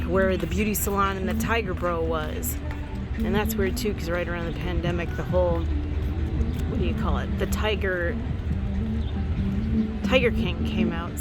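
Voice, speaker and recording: A woman vlogging casually while walking down a city street on her phone, musing in a rambling, wry way. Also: on the low side. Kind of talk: casual vlog chat. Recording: loud street traffic noise.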